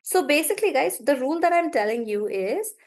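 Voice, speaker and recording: A woman teaching an online English class, sounding out words slowly to show syllable stress and correcting herself as she goes. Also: high-pitched. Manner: animated, drawn-out demonstration of syllable stress, self-correcting.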